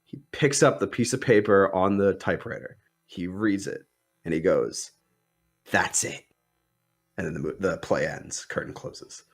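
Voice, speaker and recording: A man's voice: deep voice, animated, moderate pace. A young man on a podcast casually retelling a film plot, rambling with lots of "like" and "um". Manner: rambling retelling with many likes and ums. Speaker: podcast co-host. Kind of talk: casual movie discussion.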